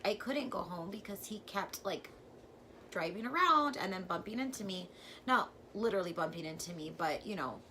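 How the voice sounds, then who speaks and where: A woman vlogger telling a personal story in a casual, chatty way, full of "like" and with sudden jumps from quiet to loud. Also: medium pitch, slight background noise. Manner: chatty and filler-heavy, says "like" constantly; animated, with sudden swings from hushed to loud.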